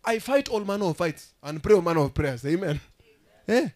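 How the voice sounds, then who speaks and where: Rousing pastor, slightly high voice. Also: male voice, expressive, fast talker. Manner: emphatic, rousing preaching with sudden loud outbursts. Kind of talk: sermon.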